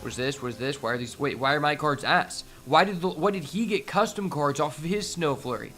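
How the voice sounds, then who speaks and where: Excitable, profane male game streamer. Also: a little high, fairly quick. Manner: profane, excitable, talks to chat. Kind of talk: casual live-stream commentary while playing.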